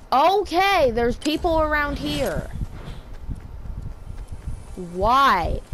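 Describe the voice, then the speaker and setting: Excitable young-sounding woman gamer. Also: a little high, a little hiss or hum. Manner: excitable, yelps and exclaims mid-game. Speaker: gamer streamer. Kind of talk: casual gameplay commentary. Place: home room.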